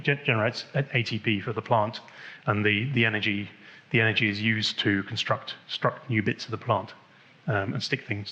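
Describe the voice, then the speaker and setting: A man's voice: fairly low pitch, bright, forceful tone, dull audio. A man giving a technical conference talk, rambling with many restarts and fillers. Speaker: conference speaker. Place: conference hall.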